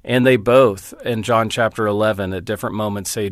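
A man's voice: on the low side, steady tone, a little fast, hardly any pauses, no echo. Earnest man teaching scripture, dry sound. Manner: earnest, storytelling, cites scripture references. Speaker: Bible teacher and author of a Bible study, interview guest. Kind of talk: interview conversation.

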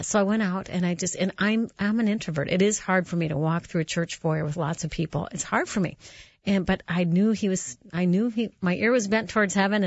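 A woman's voice: lowish voice, vocal fry, a little mellow, dry recording. A woman hosting a Christian radio talk show, telling personal stories in an earnest, conversational way with restarts. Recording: dull, slightly muffled radio audio.

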